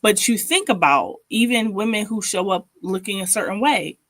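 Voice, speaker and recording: A woman hosting a casual online panel chat, talking in a lively, playful way with emphasis. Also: medium pitch, moderate pace, no echo, studio quality. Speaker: show host.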